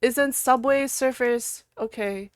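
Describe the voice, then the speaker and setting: Female streamer, casual live chat, slow and high, giggly with sudden loud outbursts. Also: dry recording, clean studio sound. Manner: giggly, loud outbursts, mutters while clicking around.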